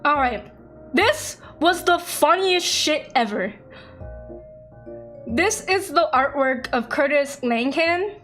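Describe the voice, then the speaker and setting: A young woman streaming and chatting casually as a VTuber, excitable, laughing often and acting out quoted conversations. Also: sits high, slow pace, pauses often, soft background music.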